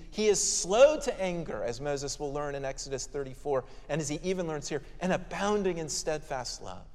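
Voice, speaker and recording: A male pastor gives an expository sermon in a conversational, emphatic manner. His voice sits a bit high. A long hall reverb trails each phrase.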